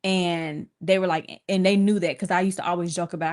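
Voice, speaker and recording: A woman's voice: fairly low pitch, brisk, hardly any pauses. A young woman, telling viewers a story in a casual stream and acting out quoted voices. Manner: animated, acts out quoted voices with cursing.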